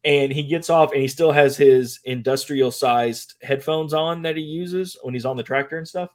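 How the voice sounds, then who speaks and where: A young man from the American Midwest, co-hosting a casual podcast and telling stories with lively, acted-out quotes. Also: moderate pace. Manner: animated storyteller, acts out quotes in a high voice. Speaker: podcast co-host. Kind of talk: casual chat.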